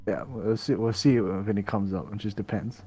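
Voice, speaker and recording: A man's voice: on the low side, moderate pace, dark tone, slightly rough. A man guesting on a casual podcast who talks in an offhand, joking way.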